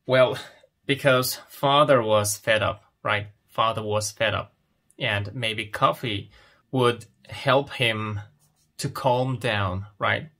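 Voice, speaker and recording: A man teaching English, reading a picture story aloud and explaining it slowly, asking questions and then answering them himself. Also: fairly low pitch, pushed and bright.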